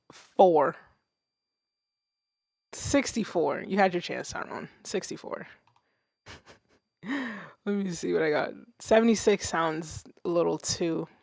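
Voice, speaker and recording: A young woman chats through a music livestream in a relaxed, unhurried way, her voice carrying a noticeable gravelly fry. She talks loosely, laughs often and swears casually, and the close mic keeps the sound dry and near. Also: lowish voice, no echo. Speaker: music streamer.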